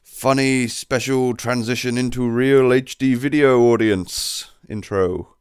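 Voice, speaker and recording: A man doing a comedic impression of an over-the-top excited young male video host, loud and zany. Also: medium pitch, takes it slowly, smooth, no room sound, clean studio sound, close to an everyday voice. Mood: manic.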